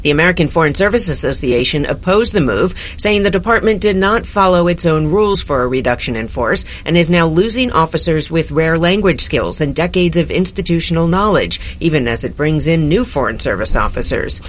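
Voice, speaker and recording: A woman reporter delivering a news report in a measured way. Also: sits low, expressive.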